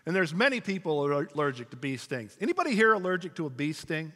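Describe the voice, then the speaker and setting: A man's voice: fairly high pitch, sing-song, fast, pushed and bright. A man preaching a sermon to his congregation, telling stories and calling out to the room. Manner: storytelling preacher, speaking to a congregation. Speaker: pastor. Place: church sanctuary. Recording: long hall reverb.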